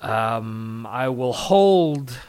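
A man's voice: mid-range voice, animated, drawn-out words, a little mellow, smooth. A man hosting a podcast, talking casually and at length with many fillers and restarts. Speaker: podcast host. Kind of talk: solo podcast commentary.

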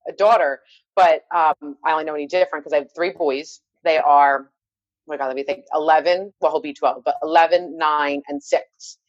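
A woman's voice: low-pitched, steady tone, fairly quick, dry recording, lo-fi sound. A woman in her thirties, a mother of three boys, chatting casually and telling rambling, self-deprecating stories. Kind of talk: casual chat.

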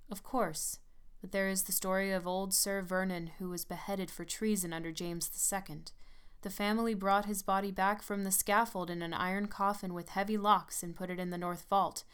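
A woman voicing a sad, brooding young man who speaks low and thoughtfully in a gothic story. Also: level tone, moderate pace, fairly bright tone, clean tone, close to an everyday voice. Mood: somber.

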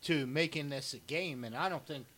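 A man on a sports panel, laying out his football picks in a measured way. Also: fairly high pitch, crowd noise. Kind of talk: casual sports banter.

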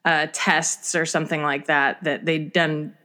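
Woman, middle-aged, lively storyteller, casual podcast chat, acts out voices. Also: low-pitched, a little slow. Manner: animated storyteller, acts out quoted dialogue. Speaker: podcast co-host.

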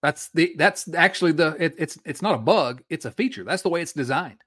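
A man's voice: on the high side, brisk. A man co-hosting a podcast, ranting in casual sports chat, stopping and restarting his sentences. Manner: animated, ranting, with frequent restarts. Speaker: podcast co-host.

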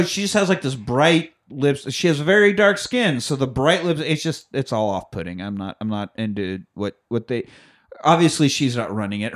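Animated, profane male podcast co-host. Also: mid-range voice. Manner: animated, profane, jokey retelling. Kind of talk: casual film recap chat.

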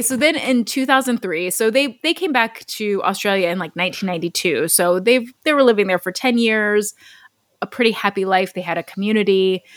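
A woman's voice: mid-range voice, no echo, studio quality. A woman co-hosting a podcast, telling a true story in a chatty, casual way with lots of "like" fillers. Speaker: podcast co-host.

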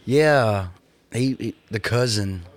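A man's voice: fairly low pitch, slow, dry recording. A man co-hosting a podcast in casual chat, easygoing, chiming in with short remarks. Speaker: podcast co-host.

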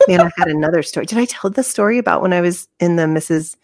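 A woman co-hosting a podcast in casual chat, self-deprecating and quick to laugh. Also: lowish voice, darkish tone, dry recording, clean studio sound. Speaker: podcast co-host.

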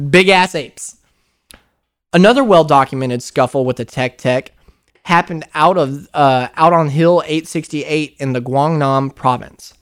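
American guy hosting a paranormal podcast, slightly high voice, laughing and acting stuff out. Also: a little slow. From United States. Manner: animated storyteller, laughs often, acts out quotes. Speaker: podcast host. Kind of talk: casual paranormal podcast storytelling.

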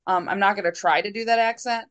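A woman's voice: medium pitch, steady tone, quick pace, fairly bright tone, lo-fi sound. A woman co-hosting a podcast in casual chat, giggling and breaking into laughter often. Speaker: podcast co-host.

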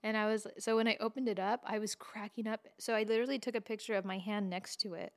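A woman's voice: medium pitch, quick pace. A woman co-hosting a casual chat podcast, telling stories with frequent laughter. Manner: laughs often, animated storytelling. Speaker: podcast co-host.

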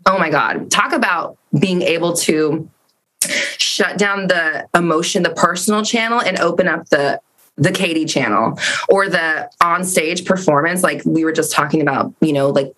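A woman's voice: lowish voice, normal speed, fairly bright tone. A woman host in casual chat, rambling animatedly about shows that make her cry, cursing freely.

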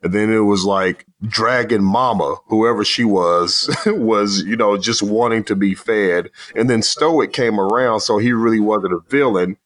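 A man casually discussing a movie in a rambling, animated way, swearing now and then. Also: lowish voice, a little slow, hardly any pauses.

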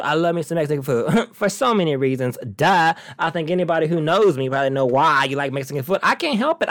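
A flamboyant man chatting on his podcast, all sass and attitude, calling everyone honey. His voice swoops up and down with lively pitch, and the sound is close and dry with no room echo. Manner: sassy, flamboyant, calls listeners honey; animated, laughs between stories. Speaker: podcast host. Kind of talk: casual monologue chat.

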